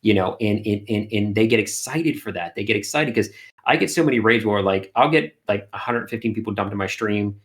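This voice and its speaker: Energetic, low-voiced man telling stories. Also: brisk. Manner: energetic storyteller, lots of fillers. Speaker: guest, art streamer. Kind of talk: casual interview chat.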